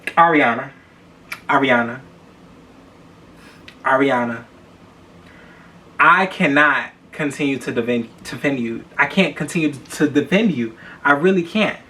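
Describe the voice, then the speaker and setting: Young guy ranting celeb gossip on his podcast, cussing a lot, says stuff over and over, bright punchy voice. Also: medium pitch, unhurried, pauses often, slight background noise. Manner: blunt, profane and animated, repeats himself for emphasis. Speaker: podcast host. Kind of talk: casual celebrity gossip commentary.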